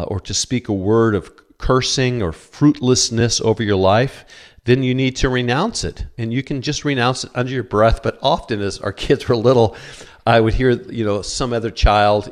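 A middle-aged man preaching a sermon as a pastor, earnest and quoting scripture, often stammering on repeated words. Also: mid-range voice. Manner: cites scripture verses.

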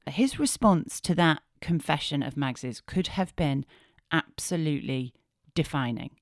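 A woman host in her thirties talking frankly on her podcast, swearing freely and swinging between hushed asides and animated bursts. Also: low voice, no echo, clean studio sound. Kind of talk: candid podcast monologue.

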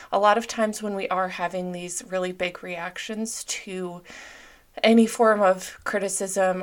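A woman's voice: mid-range voice, a bit bright. A young woman hosting a solo podcast, talking openly and reflectively in a casual way, with lots of "like" fillers. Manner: open, reflective, frequent "like" fillers. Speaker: podcast host.

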